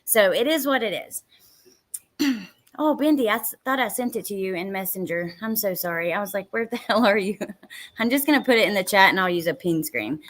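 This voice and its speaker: A woman's voice: mid-range voice, a little fast, a bit bright. An exhausted woman hosting a live stream, chatting casually, blunt and frustrated, swearing now and then and greeting viewers by name. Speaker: true crime live stream host.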